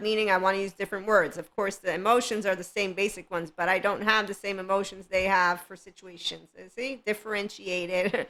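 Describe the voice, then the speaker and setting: A woman's voice: medium pitch, fairly even intonation, normal speed, few pauses, pushed and bright. A woman hosting a podcast, talking in a rambling, casual monologue about spirituality, laughing often and making sarcastic asides. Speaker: podcast host.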